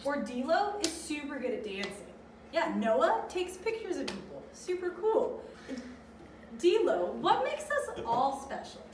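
A woman hosting a children's church program with an animated, sing-song delivery. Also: sits high, a little slow. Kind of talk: bright kids' show hosting. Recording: roomy and distant with background noise.

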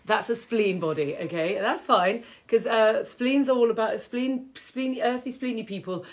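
A woman's voice: fairly high pitch, moderate pace. A middle-aged woman, teaching a casual live-streamed qigong class in a chatty, rambling way with frequent laughter. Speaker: qigong teacher and health host.

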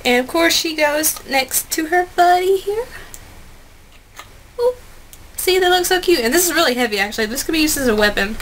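A high-voiced, excitable young woman chats her way through an unboxing vlog at home, gushing at a moderate pace. She's a vlogger, and a faint hiss of noise lingers in the background.

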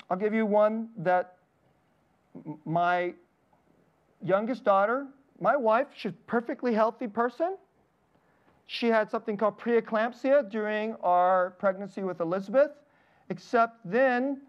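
A man in his thirties preaches to his congregation, moving between personal stories and scripture. He laughs lightly between lines and speaks plainly. The recording sounds a little dull and lo-fi. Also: sits high. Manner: personal storytelling with frequent laughs. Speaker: pastor. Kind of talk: sermon.

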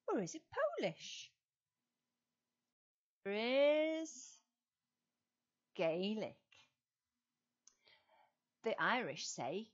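An English woman runs a children's Sunday school lesson, quizzing the kids and telling stories slowly in a sing-song manner with exaggerated rises. Her voice is a little high and husky, and the audio sounds dull.

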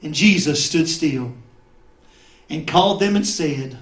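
A male pastor delivers a fervent sermon in a high, ringing voice. He swings between shouted peaks and low, confiding asides. The sound carries the echo of a large church sanctuary. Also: lively intonation, slow.

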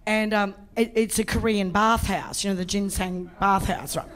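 A middle-aged woman doing a bawdy, energetic stand-up set on a comedy club stage. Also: medium pitch, moderate pace. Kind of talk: live stand-up routine.

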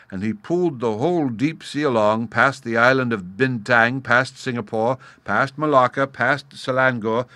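A man narrating a children's storybook audiobook in a measured way. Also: mid-range voice, bright, forceful tone, no room sound.

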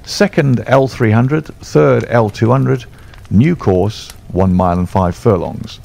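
Gravelly, expressive male storyteller. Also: medium pitch, slow pace. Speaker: audiobook reader. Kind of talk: scripted story narration.

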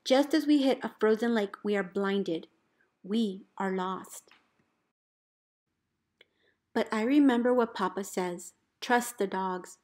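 Woman reading a storybook aloud, expressive. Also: medium pitch, slow, long pauses. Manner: expressive, calls out dog commands loudly. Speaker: teacher reading a picture book aloud.

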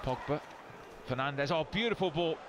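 A man giving live football commentary, bursting into excited shouts at goals. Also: fairly high pitch, moderate pace. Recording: broadcast commentary over loud crowd noise. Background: stadium crowd.

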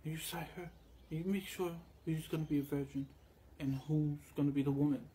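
A man talks through a loose, wandering story, slipping into quick imitations of the people he met. His voice sits a little high but sounds mellow and warm. A faint hum of background noise runs underneath. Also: steady tone. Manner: meandering and crude, acts out other voices in quotes. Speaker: vlogger. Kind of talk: rambling casual storytelling.

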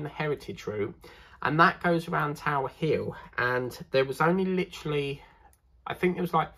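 Gravelly-voiced chatty British man. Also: mid-range voice. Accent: British English. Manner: chatty, rambling, excitable. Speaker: crafting channel host. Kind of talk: casual unboxing chat.

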